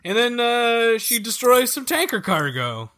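A man's voice: very high-pitched, sing-song, a bit bright. A man co-hosting a podcast, casually chatting about a video game in a playful, joking way. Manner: playful, joking, quick to laugh. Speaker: podcast co-host.

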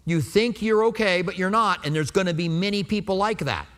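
A man's voice: high-pitched, a little fast, fairly bright tone, long reverb tail. A pastor in his fifties preaching a sermon in a conversational way, asking the congregation rhetorical questions.

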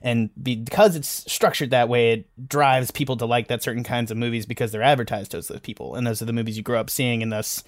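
Male podcast reviewer, mid pitch, self-deprecating rambler, dead-dry recording. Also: fairly even intonation, fairly quick, hardly any pauses, no room sound. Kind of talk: casual film review chat.

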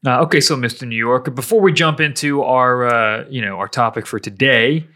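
Podcast co-host guy, bright voice, joking and teasing, casual chat. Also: medium pitch, normal speed. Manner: playful, jokey, teasing.

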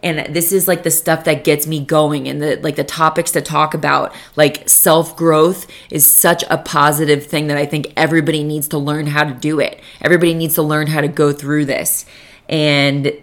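Young female solo podcast host, low voice, profane, rambling, heavy "like" fillers. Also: little pitch movement, normal speed. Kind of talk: casual solo podcast monologue. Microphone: podcast microphone.

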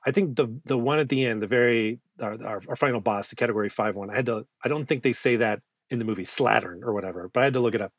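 A man's voice: medium pitch, fast, hardly any pauses, no echo. Male co-host: loose, swearing banter about films, medium voice, dry close mic. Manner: joking, rambling, swears freely. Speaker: podcast co-host. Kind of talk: casual movie-review chat.

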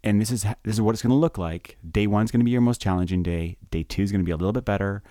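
A man co-hosts a casual clinical podcast in a lowish, mellow voice. He sounds measured and agreeable, working through his ideas aloud. The recording is dry and close. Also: no echo. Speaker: anesthesiologist podcast co-host.

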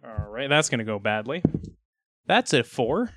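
A person playing a tabletop game, joking and animated with a lively, swinging pitch. The sound is dry and close, with no room echo. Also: a little slow. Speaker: player. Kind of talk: casual tabletop play.

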